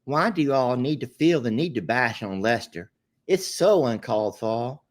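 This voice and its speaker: A man's voice: mid-range voice, lively intonation, normal speed, close to an everyday voice. A man putting on a prissy Southern belle. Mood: indignant. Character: prim Southern belle lady scolding viewers.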